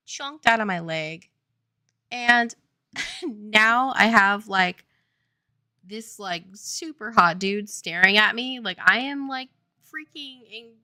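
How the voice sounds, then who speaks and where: A woman's voice: mid-range voice, lively intonation, takes it slowly, pushed and bright, no echo. A woman game developer chatting casually on a livestream, telling a rambling story full of "like" and laughter. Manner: rambling storytelling, heavy use of "like", frequent laughter. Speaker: game developer streaming her work.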